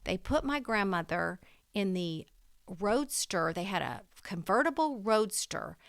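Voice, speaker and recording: A middle-aged woman, a guest author, chatting in an interview as an animated storyteller with quick emphatic asides. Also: mid-range voice, creaky, no room sound, clean studio sound. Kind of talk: casual interview conversation.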